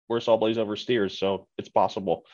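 A man with a fairly low voice chats casually as a podcast co-host. He rambles and restarts his sentences often. The audio is muffled and lo-fi. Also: steady tone, fairly quick, a little mellow. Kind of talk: casual chat.

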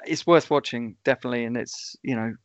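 Relaxed man summarizing films, lo-fi. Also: mid-range voice, fast talker, dry recording. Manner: relaxed, hesitant with many ums. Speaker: podcast co-host. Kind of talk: casual film review chat. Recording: dull lo-fi dry sound.

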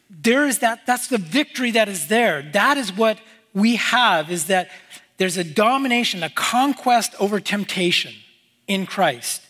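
High-voiced man preaching slowly in a reverberant hall. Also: a bit bright. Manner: earnest preaching with repeated phrases, voice dropping at line ends. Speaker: pastor. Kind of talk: sermon.

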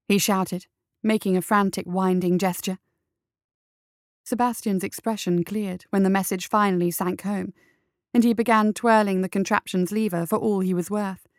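A woman narrating an audiobook at a steady, measured storytelling pace. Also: mid-range voice, no echo, studio quality. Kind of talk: scripted narration.

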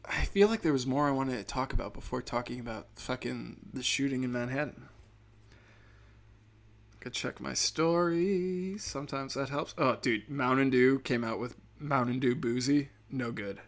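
A man rants through a casual comedy monologue at an ordinary middle pitch. He swears constantly and drifts from one complaint to another. His humor is dark and sarcastic. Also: moderate pace. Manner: profane, rambling, darkly sarcastic.

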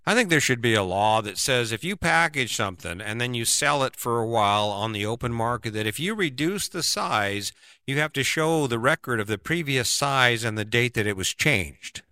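A man's voice: medium pitch, lively intonation, moderate pace, pushed and bright, clean tone, dry recording, clean studio sound. A middle-aged man giving a casual, rambling opinion monologue, often tagging on "right?". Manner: rambling, keeps asking "right?".

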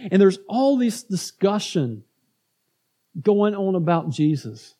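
A man's voice: high voice, expressive, unhurried, dark tone. A man preaching a conversational sermon, asking his congregation questions and acting out grumbling crowds. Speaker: pastor.

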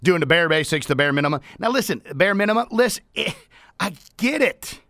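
A man hosting a radio talk show, talking about work with fired-up energy, playful asides and bursts of shouting into the studio microphone. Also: sits high, animated, fairly quick, no room sound.

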